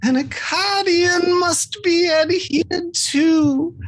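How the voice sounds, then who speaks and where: A woman voicing a strange, formal male creature that speaks in slow, archaic phrases. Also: very high-pitched, pitched above the performer's own voice, exaggerated voice. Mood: solemn. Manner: grandiose, slow archaic speech. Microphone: video call.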